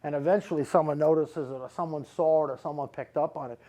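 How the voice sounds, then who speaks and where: Fast and warm-toned, a middle-aged psychic medium delivers readings to a live audience in a somewhat high voice with fairly even intonation. He rambles in emphatic runs, repeating words repeatedly to drive his point home.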